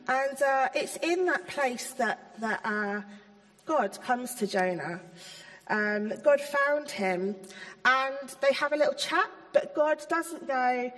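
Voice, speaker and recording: A woman's voice: high voice, slow pace, a bit bright. Woman giving a chatty sermon. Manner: chatty, hesitant, many ums. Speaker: church speaker. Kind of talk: informal sermon. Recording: long hall reverb.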